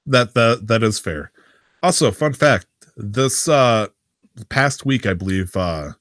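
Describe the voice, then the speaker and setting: A man's voice: expressive, a bit bright, dry recording. Joking man on a dry podcast mic. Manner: joking, drawn-out uhs, jumpy pitch when joking. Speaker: podcast co-host. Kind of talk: casual gaming podcast chat.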